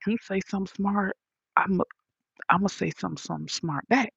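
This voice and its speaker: A woman's voice: medium pitch, a little fast, gravelly, breathy edge, dry recording, highs cut off. A woman telling her own story in a casual vlog, blunt and profane, acting out what others said. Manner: animated, profane, blunt retelling with quoted voices.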